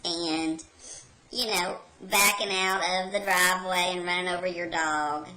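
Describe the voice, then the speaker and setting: A woman's voice: on the low side, fairly even intonation, measured pace, bright, forceful tone, slight background noise, low-quality recording. A woman playing a brash, rebellious carnival worker, telling a rambling folksy story as a comedy character monologue.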